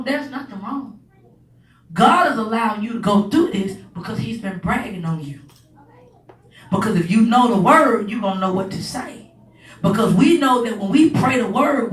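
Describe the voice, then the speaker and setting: Woman preacher, sermon, high voice, heard from a distance. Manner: builds from low, measured teaching to shouted, rising preaching. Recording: echoey hall from a distance.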